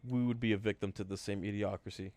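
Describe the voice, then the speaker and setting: A man's voice: on the low side, steady tone, a little mellow, dry recording. Rambling man on a podcast. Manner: rambling, halting, many fillers and restarts. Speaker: podcast co-host. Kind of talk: casual chat.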